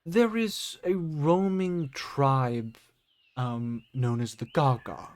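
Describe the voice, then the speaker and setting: A young man running a tabletop game as game master, with animated, jokey narration. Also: medium pitch, slow pace.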